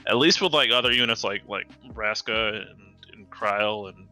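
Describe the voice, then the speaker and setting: Sharp, bright-voiced opinionated man. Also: on the low side, moderate pace, faint music behind. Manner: opinionated, self-correcting, blunt. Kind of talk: casual gaming stream chat.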